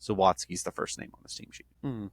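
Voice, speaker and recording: A man's voice: lowish voice, fairly quick. A man co-hosting a podcast, chatting casually about sports in a rambling, joking way with restarts. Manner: rambling, self-interrupting, joking. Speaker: podcast co-host.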